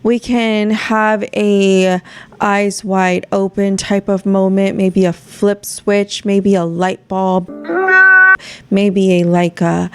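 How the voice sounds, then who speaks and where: A woman's voice: mid-range voice, little pitch movement, takes it slowly, a little mellow, a little hiss or hum. A woman hosting her own podcast, talking to listeners in a candid, rambling way and swearing freely. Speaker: podcast host. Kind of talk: casual solo chat.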